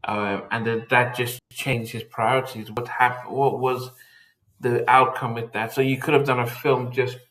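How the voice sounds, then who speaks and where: A man co-hosting a casual podcast chat, halting and repeating words as he thinks aloud. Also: mid-range voice, flat delivery, fairly bright tone, rough recording.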